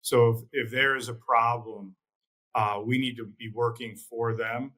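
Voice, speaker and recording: A man as an interview guest, talking in a measured, plain-spoken way and repeating words as he thinks. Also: mid-range voice, steady tone, sharp tone, poor audio. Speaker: guest, trading executive. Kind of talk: casual interview chat.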